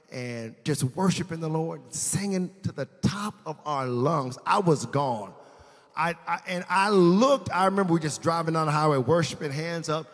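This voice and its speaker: High-voiced preaching man in a reverberant hall. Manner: storytelling, swings from quiet asides to shouted praise; casual slang, addresses congregation as fam. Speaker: pastor. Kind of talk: sermon.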